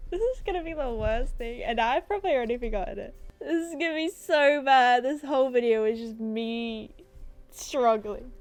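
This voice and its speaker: A young-sounding woman with a high voice chatting through her game session, rambling and breaking into giggles. She apologizes a lot and keeps it loose and casual, with faint music under her. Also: normal speed. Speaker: gaming YouTuber. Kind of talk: casual gameplay commentary.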